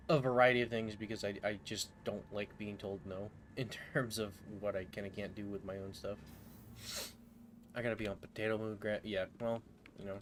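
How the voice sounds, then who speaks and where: A man's voice: on the low side, little pitch movement, moderate pace. A man streaming a game, chatting casually and joking, sleepy and yawning after a late night. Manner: laid-back, jokey, chuckles often. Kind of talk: casual gaming stream chat. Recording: background game ambience noise.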